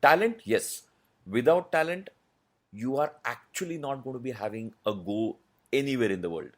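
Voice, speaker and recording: A man explains his craft in an interview, unhurried and thoughtful, stopping often to find his words. His voice sits at an ordinary middle pitch. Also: lively intonation. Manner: measured, explanatory, many pauses and fillers. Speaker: voice artist guest. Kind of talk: interview answers.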